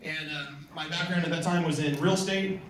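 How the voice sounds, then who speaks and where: A man's voice: fairly high pitch, steady tone, fairly quick, crowd noise. A middle-aged man giving a motivational speech, telling stories and acting out the conversations in them. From California. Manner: storytelling, acting out quoted conversations. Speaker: motivational speaker. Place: large hall before an audience. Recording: echoey hall, mic from far off.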